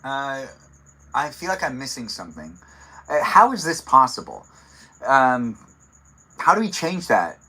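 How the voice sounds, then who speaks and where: A man's voice: medium pitch, very animated, measured pace, long pauses, bright, forceful tone, husky, poor audio. A man hosting a casual live stream, playful and curious, asking his guests lots of follow-up questions. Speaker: livestream host.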